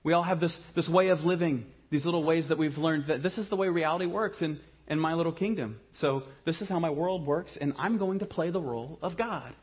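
A man from Ohio preaching a sermon, mixing humorous storytelling with quiet, earnest passages. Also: fairly high pitch, fairly quick, few pauses, husky, dull audio. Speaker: pastor.

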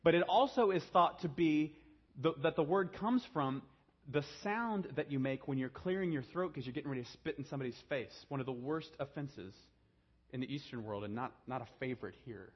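Husky preacher man, hushed to fervent. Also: a little fast, dull audio. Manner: dynamic preaching, drops to a hushed low voice then rises. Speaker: pastor. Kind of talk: sermon.

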